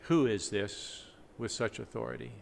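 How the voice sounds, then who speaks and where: A man's voice: mid-range voice, normal speed, creaky. A male pastor preaching a sermon in a teacherly, explaining way, in a church. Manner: explanatory, teacherly, with dramatic readings. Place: church sanctuary. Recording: echoey church, faint background noise.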